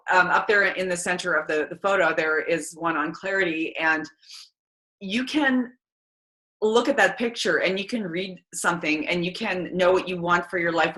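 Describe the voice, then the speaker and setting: A chatty, energetic woman, giving a casual motivational talk to her team. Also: on the low side. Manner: chatty and energetic, many fillers. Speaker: team call speaker. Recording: roomy echo.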